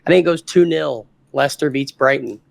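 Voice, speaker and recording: A man's voice: medium pitch, a little fast, vocal fry. A man co-hosting a casual football podcast, confidently laying out match predictions. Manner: confident, makes firm predictions. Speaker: podcast co-host. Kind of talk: casual sports chat.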